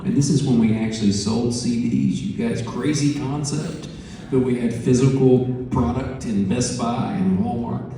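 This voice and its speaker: A man telling an animated story on stage, acting out phone calls with profane asides. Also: medium pitch, unhurried, background noise. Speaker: musician interviewed on stage. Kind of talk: storytelling interview before a live audience. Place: large conference hall. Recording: echoey hall, distant mic.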